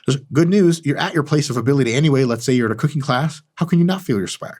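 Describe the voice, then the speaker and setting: A man hosts a comedic advice monologue with a husky voice. He swaggers through it, mock-arrogant and full of profanity. His pitch swings in lively, animated leaps. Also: quick pace. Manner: lively, animated delivery with big pitch jumps. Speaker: channel host.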